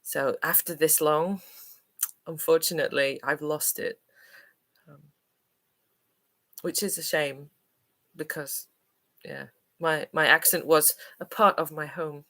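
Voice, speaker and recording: A female English teacher from Manchester, England chats on a livestream Q&A, friendly but hesitant, with lots of ums and uhs. Her voice is deep and a bit bright, with fairly even intonation, a slow pace, and frequent pauses.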